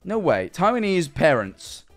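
A young man with an English accent, chatting on a livestream, swearing and bursting into incredulous shouts as he reacts to viewer messages. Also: a little high, sing-song, a little slow, soft background music. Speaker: streamer.

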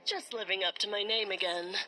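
An actress playing a loyal, impulsive young woman knight in an animated game short film, earnest and apologetic. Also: mid-range voice, brisk, lightly acted, rough recording. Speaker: film character.

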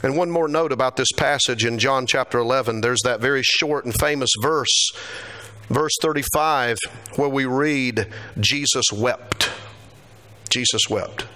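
A man preaching a sermon in a church, acting out quoted lines. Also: moderate pace. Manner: animated, acts out quotes with rising pitch.

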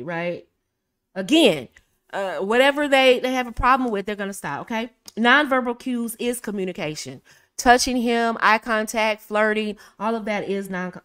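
Smooth-voiced American woman giving dating advice. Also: medium pitch, fairly bright tone, no room sound, studio quality. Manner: confident, conversational, laughs often, acts out quoted dialogue. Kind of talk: casual advice talk.

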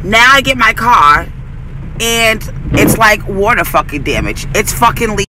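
A woman's voice: medium pitch, very animated, a little slow, background noise. A young woman vlogging from inside her car, venting her frustration to the camera and swearing freely. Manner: profane, exasperated venting to camera. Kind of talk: casual vlog rant.

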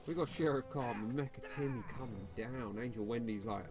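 A young man talks through a mobile game in a relaxed, slangy way, dropping "mate" every few words. His voice sits at an ordinary male pitch. Game music plays clearly underneath him. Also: moderate pace. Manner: laid-back, slangy, says "mate" constantly. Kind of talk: casual gameplay commentary. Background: background music.

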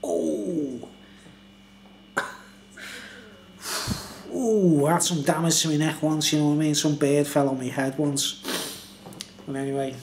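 A man's voice: fairly high pitch, fairly even intonation, measured pace, creaky, long pauses. Tipsy, rambling man in an echoey room. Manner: chatty, meandering, fond of filler phrases. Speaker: beer reviewer. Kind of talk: casual rambling monologue.

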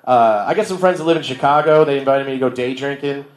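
A man's voice: mid-range voice, quick pace. A young man from Milwaukee performing a stand-up set, loose and slangy, laughing at his own jokes. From Milwaukee, Wisconsin. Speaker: stand-up comedian. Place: bar comedy stage. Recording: echoey bar room.

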